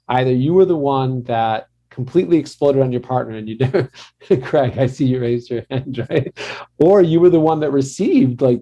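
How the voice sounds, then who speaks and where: A man's voice: mid-range voice, mellow. A middle-aged man, a marriage counselor, giving a conversational workshop talk to a group and often laughing and calling on participants.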